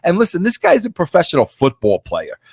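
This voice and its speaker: Podcast host, male, fifties. Animated, emphatic delivery with frequent stammering restarts. Dry sound. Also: high voice, fast, gravelly, slightly rough, no room sound. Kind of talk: casual monologue.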